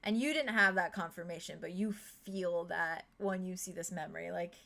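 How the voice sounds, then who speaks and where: A woman's voice: lowish voice, moderate pace, gravelly, sharp tone. A woman narrating a tabletop role-playing game as game master, in a casual, rambling way full of fillers and small chuckles. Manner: casual, many fillers, chuckles between lines.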